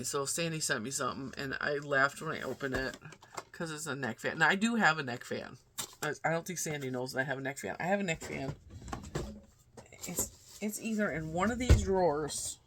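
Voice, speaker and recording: A woman's voice: deep voice, noisy background. A woman in her forties, a crochet vlogger, chatting casually in a rambling, talkative way. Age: 40s. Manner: rambling and chatty, acting out quoted dialogue. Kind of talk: casual chat.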